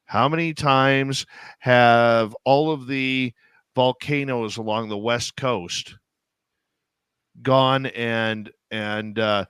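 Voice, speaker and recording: A man's voice: mid-range voice, fairly bright tone, smooth, dry recording. A man hosting a talk radio show, rambling and sarcastic, firing off rhetorical questions. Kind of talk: casual talk radio banter.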